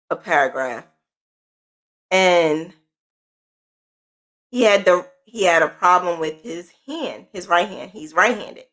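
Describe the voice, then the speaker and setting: A woman mentor giving a casual, earnest motivational talk to her followers, encouraging them and repeating phrases for emphasis. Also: mid-range voice. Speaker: sewing business mentor.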